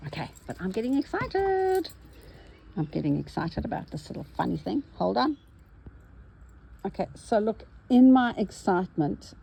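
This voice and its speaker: Woman, embroidery vlogger, low gravelly voice, warm and mellow, chatty, faint background hiss. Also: low-quality recording. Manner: cheerful, talks to herself while stitching. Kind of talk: chatty stitching vlog narration.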